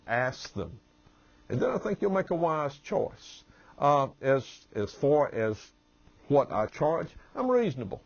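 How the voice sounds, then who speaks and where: A man with a Southern US accent who talks slowly and easily as a humorist and motivational speaker, introducing himself with anecdotes. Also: on the high side, sing-song, gravelly, no room sound, highs cut off. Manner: slow, drawling delivery. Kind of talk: promotional self-introduction with anecdotes.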